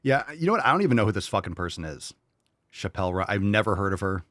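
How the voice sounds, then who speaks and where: Profane low-voiced man ranting. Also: big pitch swings, fast talker, over loud music. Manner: profane, mocking rant. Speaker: host. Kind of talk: livestream commentary, reading chat.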